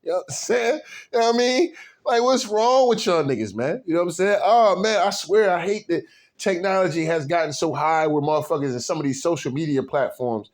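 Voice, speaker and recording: Animated, profane man ranting. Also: a little fast. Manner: profane, animated ranting with constant slang fillers; loud indignant outbursts mixed with low muttered asides. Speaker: video commentator. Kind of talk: unscripted rant to camera.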